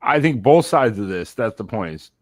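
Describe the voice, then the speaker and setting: Low-voiced rambling man, dry sound. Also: animated, moderate pace, no echo. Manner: rambling, many restarts, swears freely. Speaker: podcast co-host. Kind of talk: casual chat.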